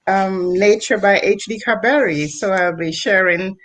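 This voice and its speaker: A woman's voice: medium pitch, a little slow, fairly bright tone. A woman reverend with a Jamaican accent introducing her poems with frequent ums, speaking over a video call. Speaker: reverend and guest performer. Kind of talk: casual introduction before a performance.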